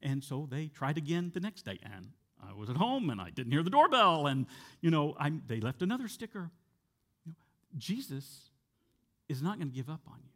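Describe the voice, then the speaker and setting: A male pastor preaching a sermon in a conversational way, sometimes dropping soft and slow for emphasis. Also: a little high, very animated. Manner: conversational with fillers and repeated words.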